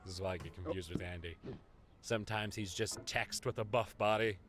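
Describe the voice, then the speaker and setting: A man reading internet posts aloud for comedy, with an animated, mock-dramatic delivery that swings quickly in tone. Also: lowish voice, slight background noise.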